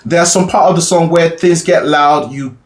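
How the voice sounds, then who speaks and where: A man's voice: a little high, normal speed. A male singing teacher explaining vocal registers patiently, often checking in with his listeners as he goes. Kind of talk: instructional explanation.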